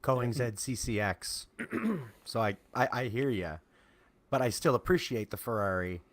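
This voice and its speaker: Male co-host, animated banter, plenty of swearing, ordinary mid voice. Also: mid-range voice, unhurried, no room sound. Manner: animated, joking, swears freely. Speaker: podcast co-host. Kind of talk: casual chat.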